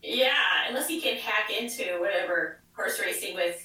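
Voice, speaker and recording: A woman's voice: mid-range voice, animated, moderate pace, sharp tone. A woman in a casual podcast chat making dry, questioning remarks. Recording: very echoey, far from the mic.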